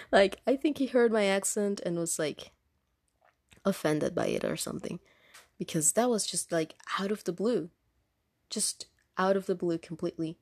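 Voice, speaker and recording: A woman with a non-US accent recounts stories from her job taking insurance calls in a relaxed vlog. Her voice is gravelly and sits a little low, and she laughs often between restarts and fillers. She talks outdoors. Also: measured pace, pauses often. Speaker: insurance call agent telling work stories. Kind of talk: casual storytelling vlog.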